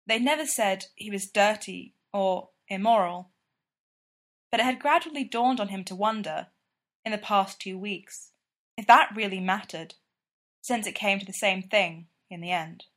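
A woman reading a piece of fan fiction aloud in a steady, even storytelling manner. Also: medium pitch, unhurried. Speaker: reader.

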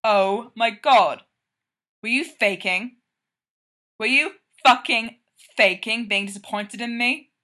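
A woman's voice: a little high, slow pace, long pauses, bright, forceful tone. A woman voicing an anxious, sweary young man in a read-aloud story, blurting out his words in a flustered way. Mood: indignant.

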